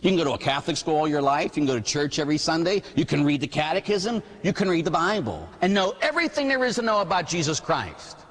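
A middle-aged man, a priest, preaching a sermon with animated storytelling and mimicked voices. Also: on the high side, fast talker, few pauses, in a large hall.

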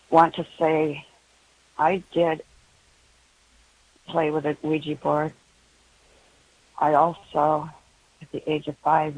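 A woman calling in to a radio show who talks haltingly, with many pauses and ums, emotionally strained. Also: sits low, a little mellow, a little hiss or hum, low-quality recording. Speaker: radio caller. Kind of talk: call-in radio conversation.

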